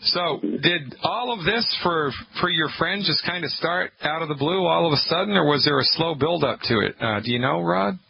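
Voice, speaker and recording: A man's voice: on the high side, normal speed, gravelly, few pauses, slightly rough. Sarcastic male radio host, muffled broadcast. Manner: animated, sarcastic, emphatic. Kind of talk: call-in health radio talk.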